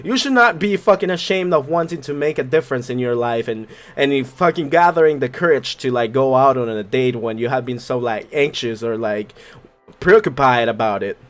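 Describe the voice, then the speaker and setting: A man hosting a gaming video, giving casual commentary that swears, laughs and reacts loudly. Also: mid-range voice, animated, moderate pace. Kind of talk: casual let's play commentary.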